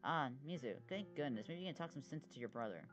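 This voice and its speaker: A voice actor doing a gentle male cartoon principal. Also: mid-range voice, lively intonation, quick pace, highs cut off, lightly acted. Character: soft-spoken male school principal.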